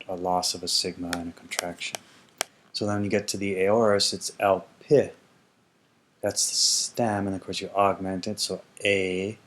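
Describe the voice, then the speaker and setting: Man, very low voice, teacher, casual lesson, self-correcting, faint hiss. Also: fairly bright tone. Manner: thinks aloud, with fillers and self-corrections. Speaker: Greek teacher.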